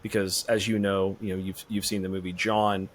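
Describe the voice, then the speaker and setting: A man being interviewed as a filmmaker guest on a podcast, talking in a relaxed, rambling way. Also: low voice, moderate pace.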